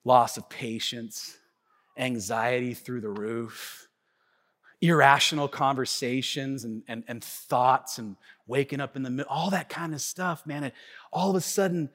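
A man's voice: mid-range voice, steady tone, a little slow, a bit bright. A man in his thirties preaching a sermon, telling a story animatedly and acting out the voices in it. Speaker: pastor. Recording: long hall reverb.

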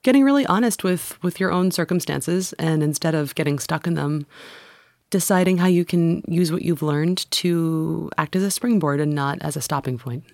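A woman's voice: deep voice, normal speed, a little mellow, no room sound, clean studio sound. A woman co-hosting a podcast, talking in an upbeat, reflective way. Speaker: podcast co-host. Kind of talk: casual podcast chat.

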